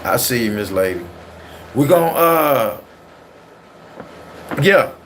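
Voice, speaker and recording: A man's voice: mid-range voice, animated, slow pace, gravelly, fairly bright tone, slight background noise. A man with a California accent and Southern slang, hosting a casual livestream and talking loosely and ramblingly to his chat. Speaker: livestream host.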